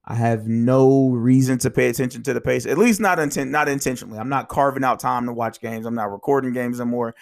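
Man, gravelly voice, casual sports rant, rambling and animated. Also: medium pitch. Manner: animated, rambling, quick rants. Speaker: podcast host.

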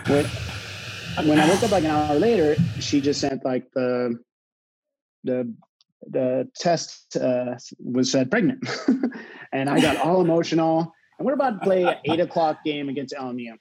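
This rough recording captures a thirtyish college water polo coach with a voice on the high side, sharing a personal story before a live crowd. His delivery stumbles with fillers and false starts at first but becomes more animated as he goes.

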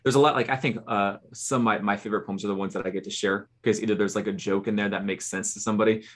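A fairly low-voiced man, earnest and a bit halting, talking over his poems in a casual podcast. He restarts his sentences often as he feels his way. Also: steady tone. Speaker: poet and podcast co-host.

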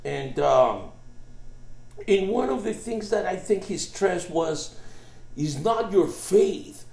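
Gravelly man chatting on a podcast. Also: high voice, lively intonation, slow, darkish tone. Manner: profane storyteller. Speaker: podcast regular. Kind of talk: casual chat. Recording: roomy echoey room.

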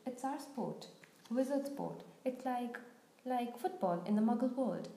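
A woman's voice: a little high, animated, measured pace, creaky, mellow. Woman doing a big kindly groundskeeper, folksy, blunt, storybook reading, echoey room. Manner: folksy, blunt, homely speech. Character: big gruff kindly groundskeeper, a giant man.

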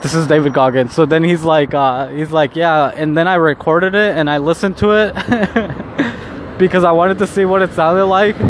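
A man's voice: a little high, moderate pace, background noise. A man talking casually to the camera outdoors, rambling with many restarts, swearing and laughing often. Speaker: vlogger.

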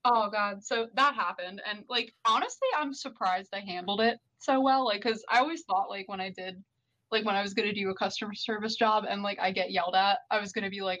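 A woman's voice: medium pitch, a little fast, a bit bright, lo-fi sound. A young woman in a casual chat with friends, talking with many "like"s and frequent laughs. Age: young adult. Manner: chatty, laughs a lot, many "like"s.

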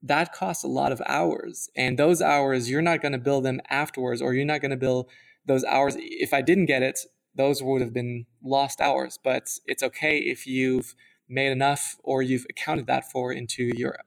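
Podcast co-host, young man, gravelly voice, loose rambling delivery with many fillers. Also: mid-range voice, flat delivery, normal speed. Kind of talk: casual chat.

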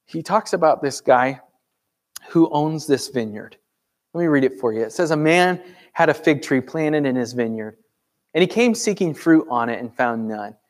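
A man's voice: fairly high pitch, expressive, moderate pace. A man preaching a sermon in a conversational way, asking rhetorical questions and acting out the voices of characters in a parable. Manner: acts out dialogue of parable characters. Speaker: pastor.

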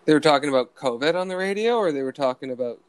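A man in casual chat, joking and reacting quickly to his friend. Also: a little high, animated, clear, resonant tone.

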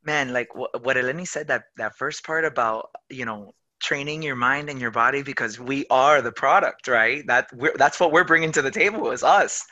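A man's voice: mid-range voice, moderate pace, few pauses, sharp tone, dry recording, highs cut off. A man, an actor, talking animatedly and enthusiastically in a casual podcast chat. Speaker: actor, guest.

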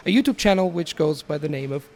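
A man's voice: on the high side, expressive, quick pace, creaky, background noise. A man from Italy with an Italian accent, patiently coaching pronunciation in a casual chat. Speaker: guest language teacher.

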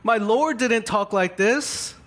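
A man doing an exasperated ancient apostle. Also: fairly bright tone. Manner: high, rushed, complaining. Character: exasperated ancient male apostle, reluctant boaster.

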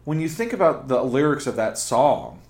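A man's voice: medium pitch, expressive, normal speed, darkish tone. A man co-hosting a casual podcast conversation. He is blunt and opinionated and swears offhandedly. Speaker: podcast co-host. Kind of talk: casual chat.

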